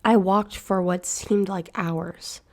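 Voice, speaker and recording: Woman narrator for a horror story read-aloud; hushed, measured, mellow tone. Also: medium pitch, steady tone.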